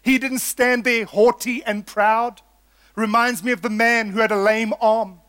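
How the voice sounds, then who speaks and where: A man's voice: extremely high pitch, little pitch movement, unhurried, a bit bright, smooth, no room sound. A man preaching a sermon in an earnest, emphatic way, building points through repetition and calling his listeners folks.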